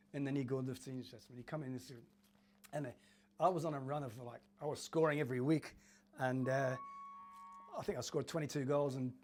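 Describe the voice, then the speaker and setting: A man's voice: a little high, a little mellow. An older man from Cornwall, a former footballer, chatting through his memories in an interview and acting out the voices of old teammates. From Cornwall, England. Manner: chatty, laughing, acts out voices in his stories. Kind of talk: anecdotal interview storytelling.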